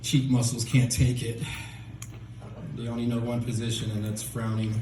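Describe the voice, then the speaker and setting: A man doing a rambling, deadpan stand-up set on a small club stage into a handheld mic. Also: medium pitch, moderate pace, roomy sound, noisy background. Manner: deadpan, rambling, self-deprecating. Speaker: stand-up comedian.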